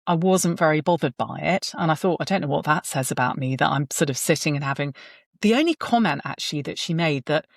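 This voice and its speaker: Speaking fast in a low voice, this guest is a surgeon and author in her forties. She tells frank parenting stories in conversation, bringing quoted voices to life, with clean studio sound and no room sound.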